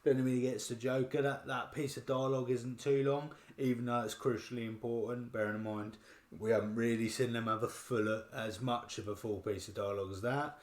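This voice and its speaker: This British podcast co-host talks casually through a film review, wandering off and starting his sentences over. He has a medium-pitched voice with a flat delivery, speaks a little fast, and the sound is roomy.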